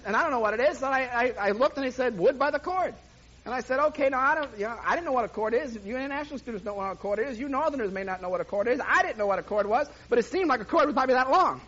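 Male preacher, very high and bright tone, lively sermon storyteller, dull lo-fi recording. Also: breathy edge. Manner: lively storyteller, voices sound effects and laughs along. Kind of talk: sermon with a humorous personal story.

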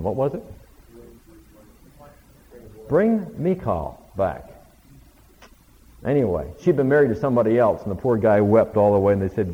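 A Bible teacher gives a conversational lecture, retelling the stories and quoting lines of dialogue. His voice is lowish, expressive and brisk. The lo-fi recording carries a long hall reverb.

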